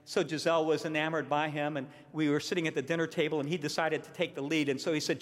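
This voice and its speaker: Male pastor, emphatic sermon delivery, slightly high voice, recorded in a reverberant hall. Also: flat delivery, fast talker, hardly any pauses. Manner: earnest, emphatic, repeats key points. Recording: long reverb of a large hall.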